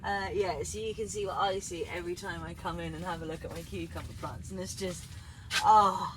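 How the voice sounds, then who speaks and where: A woman's voice: fairly low pitch, fairly even intonation, fast, noisy background. A woman chatting casually while gardening and squealing with delight at each find, filmed on a GoPro outdoors. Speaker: gardening vlogger. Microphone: GoPro camera.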